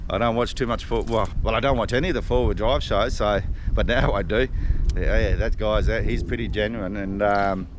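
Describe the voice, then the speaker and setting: A man's voice: lowish voice, steady tone, normal speed, noisy background. An Australian man vlogging from his fishing boat, telling a rambling, self-deprecating story with frequent laughs. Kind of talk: casual storytelling to camera. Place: outdoors on a river boat.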